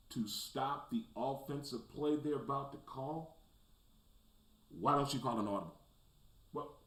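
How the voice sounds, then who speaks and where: A man hosting a casual sports talk show, breaking down the weekend's games, rising into loud rants and dropping to low mutters. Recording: roomy echo, faint background noise.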